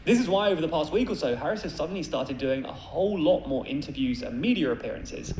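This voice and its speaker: A man reads scripted political news with a brisk, wry tone. His voice sits fairly high and moves up and down a lot. It sounds echoey, with faint noise behind. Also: expressive, darkish tone. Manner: brisk, wry explanatory delivery. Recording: played clip in an echoey room.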